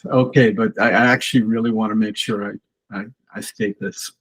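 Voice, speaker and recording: A man with a gravelly, rough-edged voice and a very husky tone. He speaks as a podcast guest in casual conversation. He tells reflective stories earnestly. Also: on the low side, steady tone, a little fast, low-quality recording.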